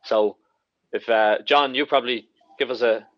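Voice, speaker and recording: A man's voice: medium pitch, steady tone, normal speed, a bit bright. Man moderating a panel, muffled sound. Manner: loose, rambling questions. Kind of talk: hosting a panel discussion.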